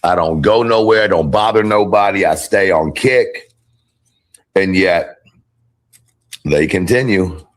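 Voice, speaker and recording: A man with a lowish voice rants at an unhurried pace. He sounds defiant and profane, and he drags his words out in a casual drawl as he brushes off his critics. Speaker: livestreamer being critiqued. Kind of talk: casual ranting livestream.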